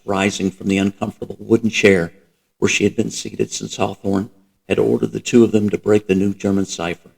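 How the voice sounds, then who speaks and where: A man reading a novel aloud as host, in a steady, even narration. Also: lowish voice, vocal fry, low-quality recording. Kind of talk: audiobook-style reading.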